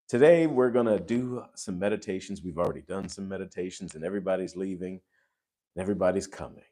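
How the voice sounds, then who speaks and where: A man hosting a relaxed livestream, with a voice that sits a little on the low side. He gushes at his viewers and keeps breaking into sudden loud exclamations. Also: fast. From United States. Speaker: host. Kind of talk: casual livestream chat.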